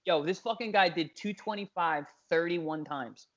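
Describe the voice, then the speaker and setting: A man co-hosts a podcast, teasing his guest with profane banter in a slightly high voice. The audio is dull and lo-fi. Crowd noise is clearly heard behind him. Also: moderate pace. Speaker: podcast co-host. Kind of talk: casual banter.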